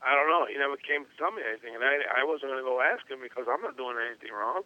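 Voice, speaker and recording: A man's voice: mid-range voice, quick pace. A middle-aged man, a former baseball catcher, telling long stories in a casual interview. He rambles, repeats himself and talks with animation. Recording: dull lo-fi recording.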